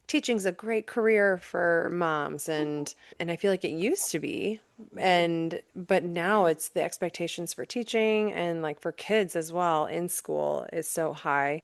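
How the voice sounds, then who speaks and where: Woman guest, low-pitched, dry close sound, reflective and rambling, lots of fillers, casual podcast chat. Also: smooth, no echo. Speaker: guest, teacher and mother.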